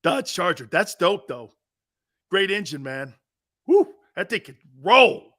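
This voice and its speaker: A man hosting a casual sports talk show, spinning jokey stories with lots of animation. His voice sits a little high, and the sound is close and dry with no room echo. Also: slow. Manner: animated, joking storyteller. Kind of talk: casual sports radio chat.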